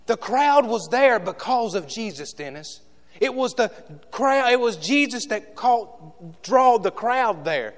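A man preaching a sermon in a church with passion, shifting between loud shouts and hushed asides to the congregation. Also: very high-pitched, lively intonation, takes it slowly.

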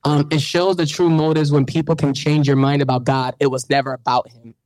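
A man's voice: fairly high pitch, little pitch movement, a little fast, darkish tone, dry recording. A man hosting a radio show, telling his story in an interview with a preacherly lilt that builds to fervent calls. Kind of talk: animated testimony in an interview.

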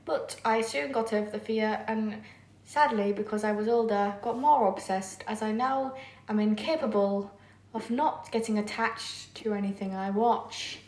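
A young woman co-hosting a podcast, chatting casually and gushing about films and shows with quick asides. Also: medium pitch, darkish tone. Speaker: podcast co-host. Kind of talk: casual chat.

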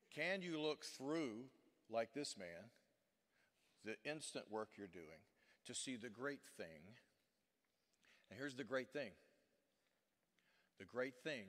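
A male pastor preaching in an emphatic, preacherly way, with a mid-range voice that rises into loud rhetorical questions and drops to near-hushed earnestness. His words ring out with a long church-hall reverb. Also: medium pitch. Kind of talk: sermon.

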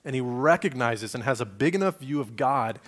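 A male pastor giving a sermon in a conversational, lively way, acting out the voices he quotes and restarting phrases as he goes. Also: mid-range voice, moderate pace.

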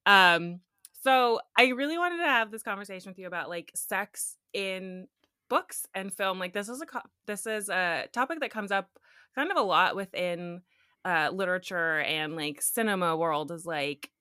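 Woman co-host with a bright, dry sound; chatty and quick to laugh. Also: medium pitch, lively intonation, clean tone, no room sound. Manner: chatty, laughs often, many fillers. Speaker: podcast co-host. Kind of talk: casual podcast chat.

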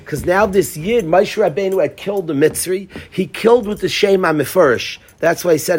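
A man giving a casual Torah class, animated and acting out the lines he quotes. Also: high voice, a little fast, few pauses, slightly rough. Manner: animated, acts out quoted lines, restarts often. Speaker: Torah teacher.

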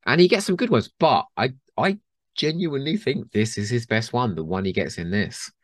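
Male co-host, lively pitch, dry close sound, swears and laughs a lot. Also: normal speed, no room sound. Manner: animated, laughs often, swears, mimics actors. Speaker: podcast co-host. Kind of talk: casual chat.

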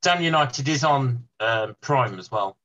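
A man co-hosting a casual film podcast, talking with hesitant pauses. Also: medium pitch, lively intonation, pushed and bright, highs cut off. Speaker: podcast co-host. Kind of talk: casual chat.

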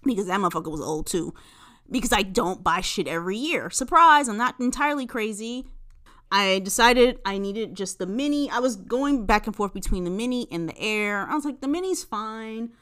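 A woman talking through a casual solo podcast episode in a middle-pitched voice. She swears freely and tells her story with lots of energy. Her delivery jumps between loud, excited bursts and quiet, grumbling asides. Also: brisk. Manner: profane, animated storytelling with big swings between loud bursts and low mutters. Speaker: podcast host.

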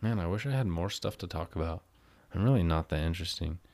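Man, low voice, casual storytelling rant, exasperated, swears a lot. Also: animated, fast talker. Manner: exasperated, swears freely, grows louder as he vents. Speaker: vlogger.

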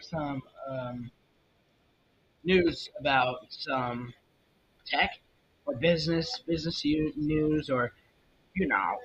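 A young man hosting a casual solo podcast, rambling and opinionated, with lots of fillers and restarts. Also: pushed and bright. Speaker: podcast host. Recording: muffled lo-fi mic with faint rumble. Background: faint jazz music.

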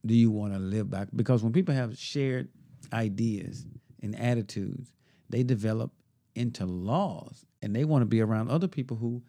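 A man's voice: medium pitch, mellow. A man co-hosting a podcast, chatting casually and telling a story while acting out the dialogue he quotes. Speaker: podcast co-host. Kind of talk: casual chat.

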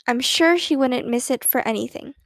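A woman's voice: sits high, normal speed, dry recording, studio quality. Woman reading as a patient, kindly mother. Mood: reassuring.

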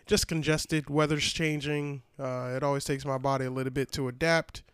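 A man's voice: medium pitch, fairly even intonation, normal speed, a bit bright, clean tone, no room sound, studio quality. A man co-hosting a podcast in casual chat, congested and a little muffled, talking in a laid-back, rambling way. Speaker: podcast co-host.

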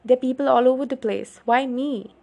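A woman's voice: high voice, fairly even intonation, brisk, gravelly, a little mellow, dull audio, voice pushed up. A woman reading a story aloud, voicing a frightened, insistent teenage girl in an anxious, pleading manner.

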